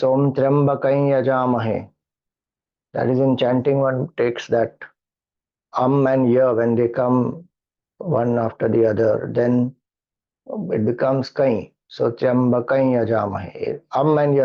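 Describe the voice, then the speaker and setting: A middle-aged man with an Indian English accent, a spiritual teacher patiently explaining mantra chanting and chanting slowly. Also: mid-range voice, fairly even intonation, vocal fry. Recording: dull lo-fi audio.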